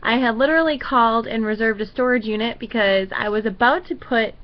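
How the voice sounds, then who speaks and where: A young woman with a slightly high voice chats to her camera and rambles through a personal story, filling her pauses with "um" and "like". The sound is a little dull and lo-fi, like an ordinary home video. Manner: rambling, chatty storytelling with many fillers. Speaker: vlogger. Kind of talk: casual chat to camera.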